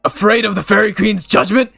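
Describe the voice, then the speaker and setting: A man's voice: high-pitched, fairly quick, gravelly, faint music behind, voice pushed up, heavily acted. A man putting on a strained female voice for an enraged woman knight who has snapped, reading game dialogue aloud. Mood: furious. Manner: shouting, ranting, strained. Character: furious female knight at her breaking point.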